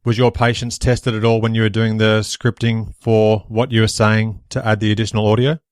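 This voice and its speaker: A man's voice: fairly low pitch, level tone, a little fast, clear, resonant tone, no room sound, studio quality. A man hosting an interview, asking long, earnest questions. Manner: earnest, wordy questioning with fillers. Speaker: podcast host.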